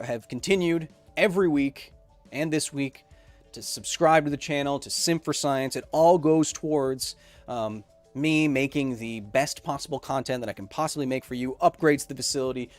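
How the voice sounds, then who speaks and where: A man's voice: mid-range voice, dry recording. Young male streamer host, rambly and wired, chatting with viewers over faint music. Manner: rambling, self-described super caffeinated. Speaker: podcast host reading chat. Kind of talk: casual livestream chat.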